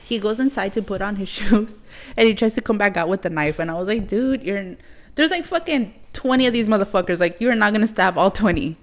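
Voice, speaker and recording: A woman's voice: mid-range voice, a little fast. Swearing young woman telling a story. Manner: swears a lot, acts out quotes loudly. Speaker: podcast co-host. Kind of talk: casual storytelling chat.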